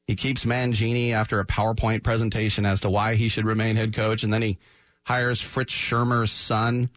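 A man hosting a sports talk radio show, animated and jokey, often slipping into quick mock voices. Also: lowish voice, no echo. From San Francisco Bay Area. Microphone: studio microphone.

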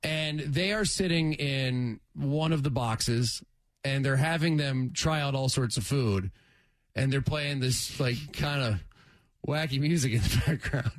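A man's voice: medium pitch, unhurried. A man hosting sports talk radio, rambling and joking as he tells a story.

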